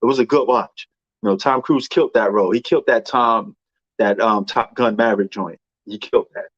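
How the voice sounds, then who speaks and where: A man with a New York accent rambles in casual chat, tossing in slang and fillers. His voice sits at an average pitch. The sound is dry and a bit muffled. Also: a little fast, fairly bright tone, no room sound. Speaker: movie commentator.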